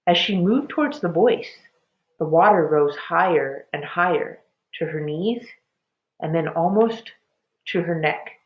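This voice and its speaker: A woman reading a children's chapter book aloud with expressive storytelling. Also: lowish voice, a little slow. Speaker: storybook reader. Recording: dull lo-fi recording.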